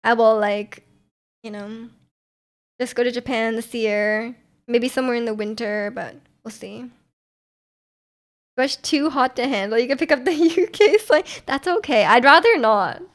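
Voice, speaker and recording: A young woman talks casually on a stream from home into a desk mic. Her voice sits a bit high. She rambles, restarts her sentences and laughs often while answering chat. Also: a little slow, long pauses. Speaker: livestreamer.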